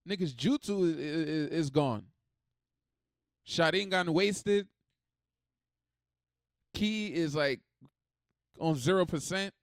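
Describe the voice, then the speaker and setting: A man hosting a reaction video, talking in a rambling, animated, swearing way. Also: a little high, slow pace, pauses often, no echo, clean studio sound. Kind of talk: casual reaction commentary.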